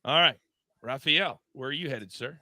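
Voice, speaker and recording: A man's voice: mid-range voice, normal speed, sharp tone, no echo. A man hosting a live sports betting show, bantering with his co-hosts and reading the chat. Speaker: show host.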